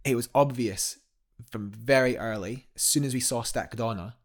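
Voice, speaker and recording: A man's voice: mid-range voice, normal speed. Enthusiastic man telling a story. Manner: enthusiastic, rambling with many restarts. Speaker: guest climber. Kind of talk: casual storytelling in a podcast interview.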